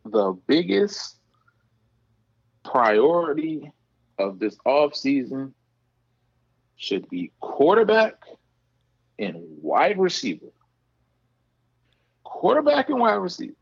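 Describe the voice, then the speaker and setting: A man's voice: a little high, wildly swooping pitch, slow pace, vocal fry, long pauses, slightly rough, no echo, dull audio. A man co-hosting a casual sports chat, emphatic and slangy, often repeating himself for effect. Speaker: sports podcast co-host.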